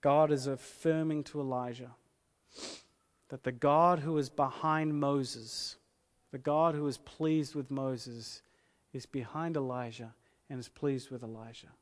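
A man preaching a sermon as pastor, earnest and emphatic, repeating key phrases slowly for weight. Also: medium pitch, fairly even intonation. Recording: long hall reverb.

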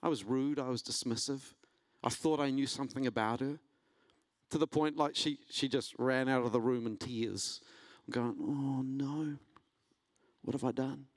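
New pastor preaching in a dry room. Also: male voice, fairly even intonation, moderate pace, no echo. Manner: storytelling, rising in pitch and intensity when preaching. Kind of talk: sermon.

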